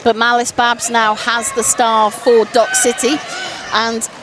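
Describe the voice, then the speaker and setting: A woman commentates a roller derby game play by play, fast and eager, and she laughs easily. Her voice sits slightly high. Clear arena noise runs under the commentary. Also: crowd noise. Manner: quick, excitable, laughs often. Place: sports arena. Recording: noisy live event background.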